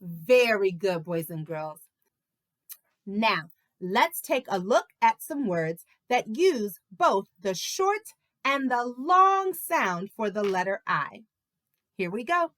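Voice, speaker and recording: A woman teaching a video lesson to preschool children in a slow, encouraging, sing-song way. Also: medium pitch, sing-song, fairly bright tone.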